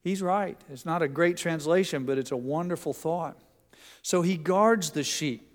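Middle-aged man, pastor, folksy sermon storytelling, slightly high voice, long hall reverb. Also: normal speed. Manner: folksy storytelling, asides and restarts.

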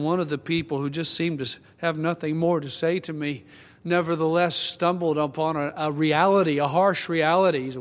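Older pastor preaching in a reverberant church. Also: male voice, on the high side, fairly even intonation. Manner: reflective, earnest, slowing and softening at tender moments. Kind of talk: sermon. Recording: long hall reverb.

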